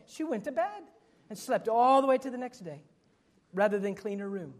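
A man's voice: high-pitched, animated, a little fast. A middle-aged man preaching a sermon as pastor, earnest, acting out quoted voices and dropping to sudden whispers.

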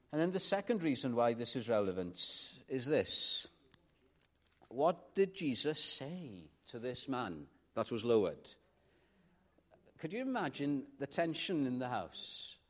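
A man preaching a sermon in an earnest manner, rising to emphatic calls and dropping to quiet reflection. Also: medium pitch.

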